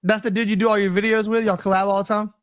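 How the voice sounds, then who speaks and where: An excitable male podcast co-host with a notably high voice, laughing his way through stories. The recording is dry and close. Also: racing, smooth, no echo. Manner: laughs often, excitable storyteller. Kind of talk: casual podcast chat.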